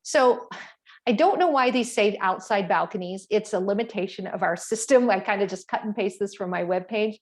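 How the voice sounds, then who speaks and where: A woman's voice: medium pitch, normal speed. A middle-aged woman, a travel agent, giving a casual, rambling presentation to clients, with fillers and frequent self-corrections.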